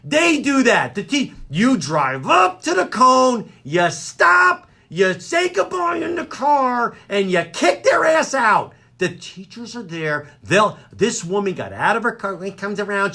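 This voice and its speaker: Male radio comedy host, bright tense tone, wildly swinging pitch, rants with exasperated energy. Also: unhurried, hardly any pauses. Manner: animated, exasperated ranting. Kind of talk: comedic rant. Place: radio studio.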